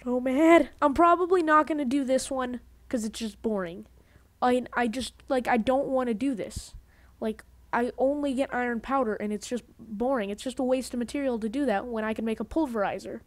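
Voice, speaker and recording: Rambling gamer woman with a higher voice. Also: normal speed, no room sound. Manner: rambling, self-interrupting, grumbling. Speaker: gaming video host. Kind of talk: casual let's-play commentary. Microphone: headset.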